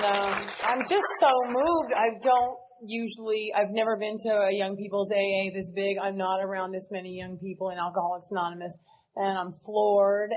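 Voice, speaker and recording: A woman's voice: mid-range voice, a little hiss or hum, poor audio. Earnest woman speaking at a recovery meeting. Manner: earnest, candid, blunt. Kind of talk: recovery speech to a live audience. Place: large meeting hall with audience.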